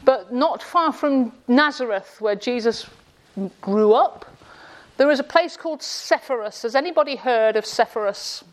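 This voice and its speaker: A woman lecturer, her voice slightly high and her delivery a little slow, mixes jokes into a classroom talk in an indoor room. She quizzes the live audience, teasing them with sarcastic questions.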